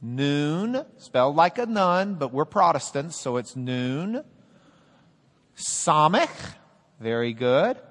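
A man teaching a class, playful and animated, drilling the students and cracking jokes. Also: on the high side, takes it slowly, long reverb tail.

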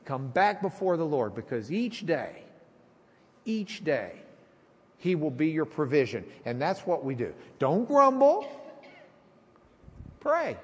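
Middle-aged guy preaching, high voice, acts out all the lines, lotta hall echo. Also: slow pace, long pauses, breathy edge. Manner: animated storyteller, acts out voices. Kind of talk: sermon with storytelling. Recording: hall reverb.

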